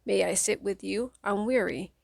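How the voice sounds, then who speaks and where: A woman's voice: medium pitch, normal speed, gravelly, a little mellow, no echo. A woman voicing a lovesick male turtle who pleads tenderly with his darling. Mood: pleading.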